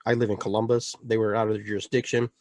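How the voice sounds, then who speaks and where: A male podcast host telling a personal story in casual chat, animated and full of restarts. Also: on the low side, fast talker, no echo.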